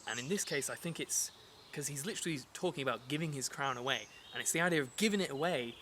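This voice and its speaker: A man at an ordinary pitch teaches verse in a casual, explanatory lesson, keeping things relaxed and chatty. He pauses often, uses lots of fillers, and keeps restarting or rephrasing. Birds and insects form a clear layer of background noise.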